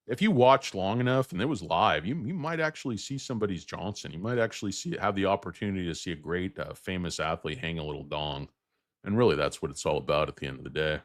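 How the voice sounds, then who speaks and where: A middle-aged man hosting a stock commentary monologue, rambling and digressive, with crude jokes and quick mocking put-on voices. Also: low-pitched, no room sound, studio quality.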